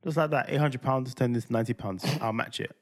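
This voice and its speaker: A man co-hosting a casual podcast chat. He tells stories in a relaxed, confident way and drops his voice low for quoted lines. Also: brisk. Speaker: podcast co-host.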